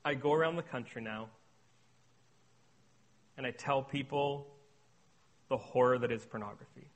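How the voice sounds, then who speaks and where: A young man giving an earnest sermon-style testimony, moving between hushed and emphatic delivery. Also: mid-range voice, moderate pace. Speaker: speaker on addiction recovery.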